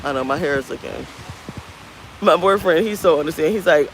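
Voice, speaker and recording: A woman's voice: low voice, a little fast, long pauses, rough recording. A woman in her thirties chats to the camera in a loose, rambling way, getting fired up as she goes. She talks outdoors on a beach, with a faint hum of outdoor sound behind her. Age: 30s. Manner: candid, rambling, animated. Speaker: vlogger. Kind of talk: casual talk to camera.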